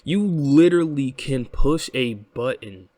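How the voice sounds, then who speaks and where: A man's voice: medium pitch, unhurried, mellow, no room sound. A young American man hosting a casual commentary vlog, rambling and often checking in with "right?". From United States. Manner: rambling, frequent "right?", swearing. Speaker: host.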